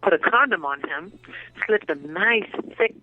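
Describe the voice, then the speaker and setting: A woman guest telling animated, profane stories in a casual interview, often bursting into laughter. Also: on the low side, a little slow, slightly rough, narrow, tinny audio. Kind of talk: casual storytelling.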